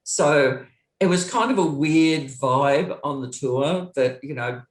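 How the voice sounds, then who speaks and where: Telling her interview story slowly in an echoey room, the middle-aged ex-roadie laughs and performs each line of quoted dialogue with big swings in pitch. Her manner is lively throughout.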